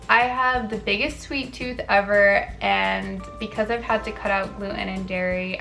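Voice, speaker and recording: A woman's voice: medium pitch, fairly bright tone. Chatty young woman vlogger over faint music. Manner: chatty, filler-heavy, self-correcting, frequent "like" and "um". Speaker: wellness vlogger. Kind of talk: casual chatty facts video.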